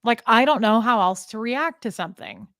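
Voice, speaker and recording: A woman's voice: fairly high pitch, expressive, moderate pace, fairly bright tone, no room sound, clean studio sound. A woman hosting a candid conversation, talking bluntly and emotionally, with some casual swearing. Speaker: podcast host.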